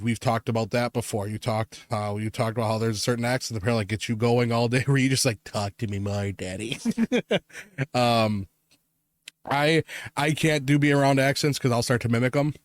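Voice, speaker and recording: A man's voice: mid-range voice, steady tone, moderate pace, no room sound. Joking man with a Wisconsin accent. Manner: joking, laughs often. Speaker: podcast co-host. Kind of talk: casual chat.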